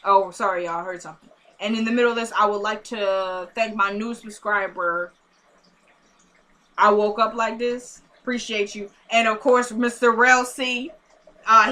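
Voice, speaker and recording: Bright-voiced chatty young woman. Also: mid-range voice. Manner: chatty, addresses viewers directly, animated. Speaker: TV episode reviewer. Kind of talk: casual recap to camera.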